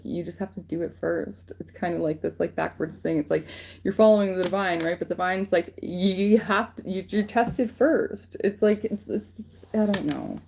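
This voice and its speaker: A woman's voice: fairly low pitch, gravelly, dark tone. A woman giving casual spiritual guidance on a livestream, rambling and swearing freely with lots of fillers. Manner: rambling, profane, filler-heavy. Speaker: spiritual reader channeling guidance.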